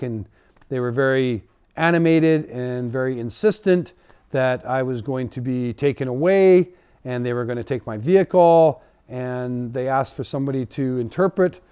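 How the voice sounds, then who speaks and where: A man from Canada, a humanitarian volunteer, recounting a personal story in a halting, reflective way, with many fillers and restarts. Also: medium pitch, mellow, clear, resonant tone.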